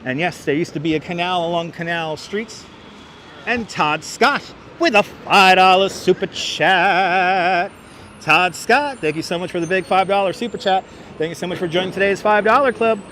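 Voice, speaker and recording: Speaking at a normal speed in a high, sharp-toned voice, a man hosts a live city walking tour outdoors, chatting away and naming viewers as he reads their messages. His setup is a wireless clip-on mic with a phone camera on a gimbal, and street traffic murmurs faintly behind.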